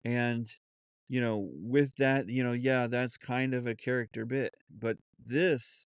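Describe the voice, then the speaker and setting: Earnest man hosting a podcast, halting and sincere. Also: medium pitch, fairly even intonation, smooth, no echo. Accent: Southern US. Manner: halting, many restarts and fillers, earnest. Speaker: podcast host. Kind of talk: unscripted solo podcast talk.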